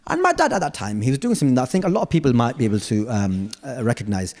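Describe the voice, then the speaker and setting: A man around forty with a British accent, performing live stand-up comedy in a theatre in a playful, animated way. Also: rapid-fire. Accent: British English. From United Kingdom. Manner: animated, playful, with sudden jumps in pitch. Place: large theatre stage.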